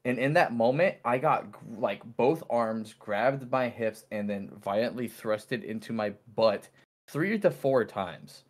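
A man chatting on a casual podcast as a co-host. He rambles through his stories, piling up fillers and restarting his sentences, in a voice of ordinary pitch. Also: a little slow.

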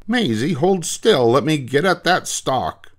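A man's voice: on the high side, sing-song, measured pace, voice pushed up. An older man voicing a flustered, strict woman schoolteacher in a storybook reading, scolding and fussy. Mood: firm.

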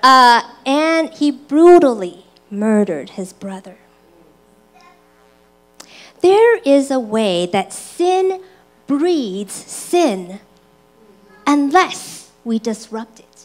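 A woman preaching a sermon in a church, slow and deliberate, who acts out her own excited and angry voice in personal stories. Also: high-pitched.

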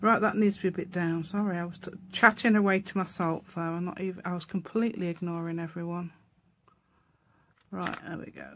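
A woman's voice: lowish voice, steady tone, a little fast, fairly bright tone, slight background noise. A woman hosting a casual crafting tutorial, thinking aloud as she works and often correcting herself. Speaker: craft channel host.

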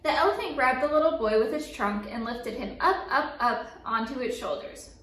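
A woman reads a children's picture book aloud, bright and high in pitch, and she adds playful sound effects as she goes. Her voice sits a little away from the microphone, in a roomy space with a noticeable echo. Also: moderate pace, far from the mic, a little hiss or hum. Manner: lively, playful sound effects and call-and-response. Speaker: story time reader. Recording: echoey room, voice a bit off-mic.

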